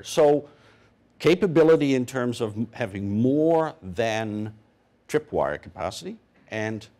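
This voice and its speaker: A man speaking as a panelist, measured and hesitant with frequent fillers. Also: medium pitch, darkish tone. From Canada. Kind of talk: panel discussion answer.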